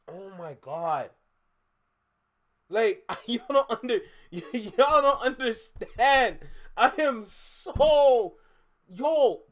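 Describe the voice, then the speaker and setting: A man's voice: sits high, animated, takes it slowly. A man hosting a live stream, ranting in exasperation at his viewers, repeating himself with bursts of laughter. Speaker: live-stream reaction host. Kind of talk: casual live-stream rant.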